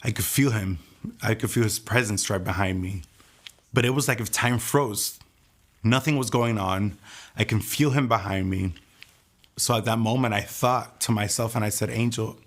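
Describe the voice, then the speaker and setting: Young man, low gravelly voice, earnest halting testimony. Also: steady tone. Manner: earnest, halting, reliving events in present tense. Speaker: survivor giving testimony. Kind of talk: personal testimony, storytelling.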